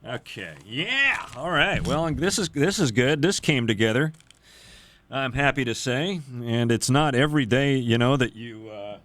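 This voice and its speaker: Male morning radio host, relaxed and animated, dry close studio mic. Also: mid-range voice, no echo. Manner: easygoing, laughs along. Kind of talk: radio interview.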